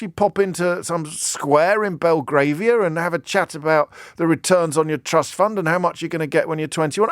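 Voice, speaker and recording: A middle-aged man from England hosts a radio phone-in, speaking conversationally and reflectively, restarting often and building into impassioned questions. His voice is on the high side, at normal speed with few pauses, in a dry, studio-quality recording.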